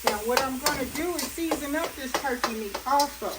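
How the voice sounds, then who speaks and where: A woman's voice: sits high, fairly quick, very noisy. A woman hosting a cooking channel, chatting folksily and laughing as she cooks in her home kitchen. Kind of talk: casual cooking demonstration. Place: home kitchen at a hot stove. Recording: distant mic with loud frying sizzle.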